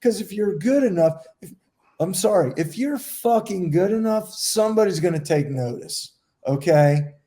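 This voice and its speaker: A man with a slightly high, mellow voice, talking in a casual podcast round table. He speaks emphatically and at length, and swears freely as he makes his points. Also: expressive, moderate pace. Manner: emphatic, profane, talks at length. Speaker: podcast co-host, goalkeeper.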